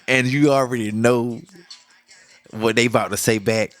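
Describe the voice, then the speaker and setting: A man's voice: medium pitch, huge pitch swings, slow pace, pauses often, a bit bright. A middle-aged man hosts a casual monologue, joking, laughing often and acting out the lines he quotes. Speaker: podcast host.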